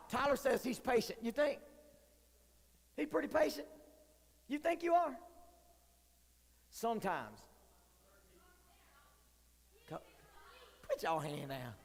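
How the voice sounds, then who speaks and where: A man's voice: extremely high pitch, very animated, a little slow, long pauses. A man preaching as a youth pastor, joking and candid with the young crowd. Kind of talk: sermon. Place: church hall. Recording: long hall reverb.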